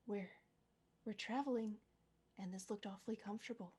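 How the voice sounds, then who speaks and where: A woman's voice: medium pitch, normal speed, dark tone, husky. A woman playing a tabletop game on a livestream, describing her character casually with laughing asides. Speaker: player.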